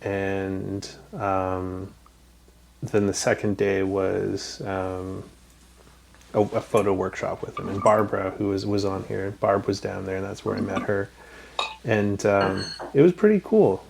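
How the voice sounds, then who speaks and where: A man's voice: low voice, steady tone, unhurried, gravelly, background noise. A man from Canada hosting a casual podcast chat, telling rambling stories with lots of ums and swearing. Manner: rambling storyteller, swears freely, many ums. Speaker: podcast host.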